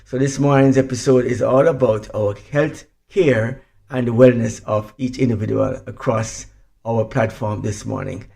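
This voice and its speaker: A man's voice: mid-range voice, steady tone, moderate pace, creaky, mellow. A man co-hosting a morning web radio health show, talking in a loose, rambling way with repeated phrases.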